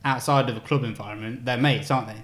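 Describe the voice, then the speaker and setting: A man's voice: mid-range voice, steady tone, quick pace, a bit bright. A young man from England chatting casually about football, full of fillers and easy laughs.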